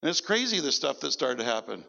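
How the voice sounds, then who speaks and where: A man preaching as pastor, telling stories in an animated sermon and quoting people in a lower voice. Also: fast talker, creaky, big-room sound, highs cut off. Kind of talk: sermon storytelling. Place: church service.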